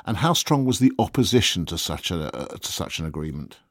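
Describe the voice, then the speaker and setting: A man's voice: low voice, sing-song, brisk, dry recording, studio quality. A male interviewer asking probing follow-up questions and summarizing the answers.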